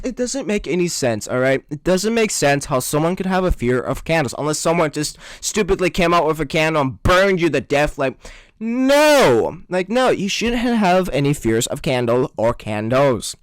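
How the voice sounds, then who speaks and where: A man's voice: on the high side, very animated, moderate pace, no echo. A man ranting sarcastically in a comedic commentary vlog, often jumping into mock voices. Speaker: video creator.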